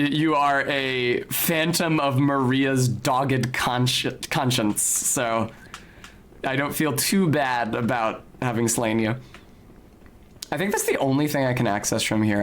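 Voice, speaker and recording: A man streaming a video game, narrating his play in a wry, casual way and swearing now and then. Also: mid-range voice. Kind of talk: casual gameplay commentary.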